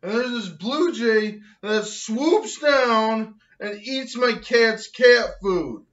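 A man delivering a loud, angry comedic rant, with slow drawn-out shouted outbursts. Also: high-pitched. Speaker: comedic vlogger ranting to camera. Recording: dull lo-fi recording.

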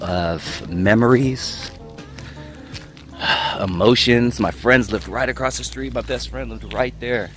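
A man with a very low voice talks casually into a handheld camera as he walks around filming, reminiscing as he goes and sometimes dropping to a hush. Music plays clearly underneath his voice. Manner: reminiscing, hushed at times. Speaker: vlogger. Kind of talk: casual walking vlog.

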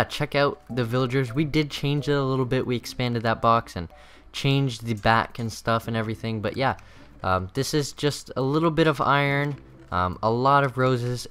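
Teen boy, gaming host, mid-pitched, rambling and excitable, faint game music behind. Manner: rambling, lots of fillers, excitable. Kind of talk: casual gameplay commentary.

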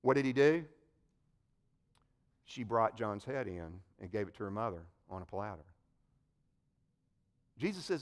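A man preaching a sermon, telling the story in an animated way and addressing his listeners directly. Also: on the low side, a little slow, pauses often. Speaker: pastor.

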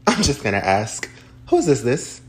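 A man's voice: mid-range voice, wildly swooping pitch, unhurried. A man speaking in a stern, formal, pointedly restrained way in a comedy skit.

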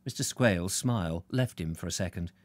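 A man narrating a novel aloud in a live reading, expressive, correcting his slips as he goes. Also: low voice, brisk, dry recording.

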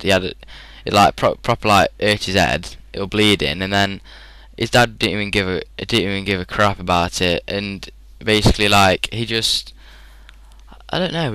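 A man's voice: on the low side, bright, forceful tone, clean tone, no echo, low-quality recording. A young man in his teens with a British English accent, chatting rambly and casually as a gaming commentator, full of fillers. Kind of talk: casual storytelling over gameplay.

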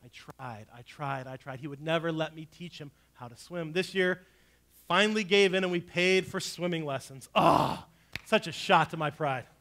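A man preaching a sermon as pastor, telling a family story and swinging between hushed, low lines and loud, urgent ones. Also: moderate pace.

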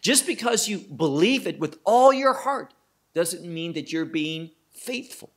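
A man teaching verse by verse through a Bible passage, slow and emphatic, asking and answering his own questions. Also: high-pitched, expressive.

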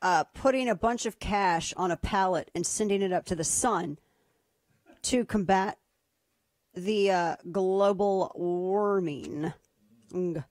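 A woman's voice: fairly low pitch, a little slow, no echo, clean studio sound. A woman hosting a political talk radio show, speaking casually with a sarcastic, mocking edge. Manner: sarcastic, mocking, lively asides.

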